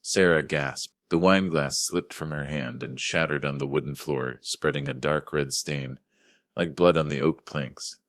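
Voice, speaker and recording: An older man narrating a scripted first-person story in a measured, grave manner. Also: rumbling low, steady tone, a bit bright, no echo, studio quality.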